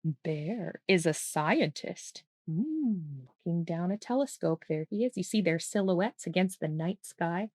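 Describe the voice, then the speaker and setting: A woman's voice: fairly low pitch, expressive, normal speed, hardly any pauses, warm tone, dry recording. A woman who grew up speaking reads a children's picture book aloud, with playful asides and frequent laughter. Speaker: children's storytime host.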